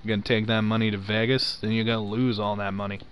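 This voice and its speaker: A man's voice: lowish voice, little pitch movement, fast talker, muffled recording, slight background noise. A young man with a slight Southern accent hosting a casual chat, joking around and laughing often. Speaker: podcast host. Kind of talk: casual chat while gaming.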